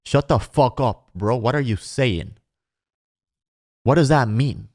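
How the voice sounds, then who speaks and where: A man's voice: medium pitch, slow, darkish tone, slight background noise. A man hosting a podcast, ranting sarcastically with lots of swearing, calling the listener bro and mocking people in exaggerated put-on voices. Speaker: podcast host. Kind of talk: casual podcast rant.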